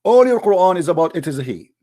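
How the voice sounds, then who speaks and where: A man's voice: sits high, big pitch swings, fast, mellow. A man hosting a heated call-in debate, arguing hard and repeating his questions over and over. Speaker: debate host.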